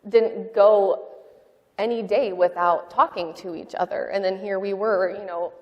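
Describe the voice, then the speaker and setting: A woman sharing a personal testimony in a church interview, talking in a halting, heartfelt way with many fillers. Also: medium pitch, fairly even intonation, in a large hall, dull audio. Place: church sanctuary.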